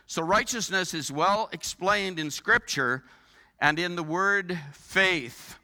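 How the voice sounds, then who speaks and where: Bright-voiced man preaching in a reverberant hall. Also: high voice, takes it slowly. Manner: earnest preaching with rhetorical questions. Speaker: pastor. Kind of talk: sermon.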